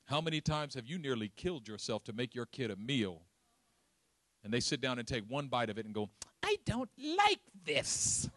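A man preaches a sermon, telling animated stories with humor and laughing along the way. His voice is mid-range and brisk, and the recording has no echo.

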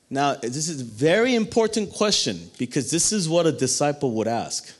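A man preaching a sermon in a playful, animated way, acting out the people in the story and laughing often. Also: fairly high pitch, normal speed, slight background noise.

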